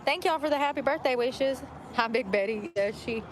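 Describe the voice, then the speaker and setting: Woman vlogger, car chat, brash and chatty, a bit high-pitched. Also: normal speed, a little hiss or hum. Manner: blunt, chatty, swears freely. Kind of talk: casual chat while driving.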